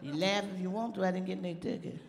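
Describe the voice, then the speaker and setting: An actress playing an elderly woman stand-up comic, telling folksy jokes with slow, sly punchlines on a theater stage. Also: on the low side, vocal fry, heavy background noise. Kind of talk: live stand-up comedy routine in a play. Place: theater stage before an audience. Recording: long hall reverb of a live theater.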